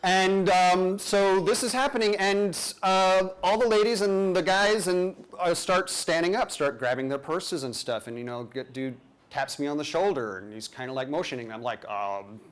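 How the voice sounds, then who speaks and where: A man's voice: sits high, normal speed, clear, resonant tone. A man telling a personal story live to an audience, conversational with playful, self-deprecating asides.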